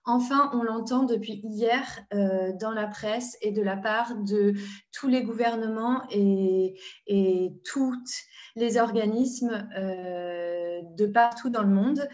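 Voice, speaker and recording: A woman interpreting at a press conference, halting and hesitant as she relays a lawyer's remarks. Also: medium pitch, a little mellow. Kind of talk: consecutive interpreting.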